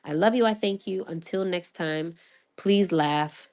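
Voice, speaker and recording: A woman hosting a casual livestream, excitable and rambling, swearing freely and laughing often, with many restarts. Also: on the low side, unhurried. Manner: rambling with frequent restarts and fillers. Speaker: livestream host.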